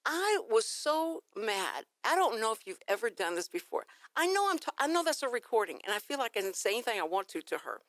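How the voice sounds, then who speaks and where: A woman from Texas with a Texan accent, hosting a morning radio talk show and telling a story in a lively, chatty way. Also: a little high, fairly quick, hardly any pauses, no echo, studio quality. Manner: animated storytelling, acting out phone calls. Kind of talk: casual radio chat. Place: radio studio.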